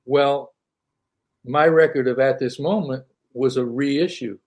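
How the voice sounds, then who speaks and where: An older man recounts stories from his career in a relaxed interview. He is animated, laughs easily and repeats his words as he goes, at an ordinary mid-range pitch. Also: takes it slowly. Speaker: interview guest, singer-songwriter. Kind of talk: casual storytelling.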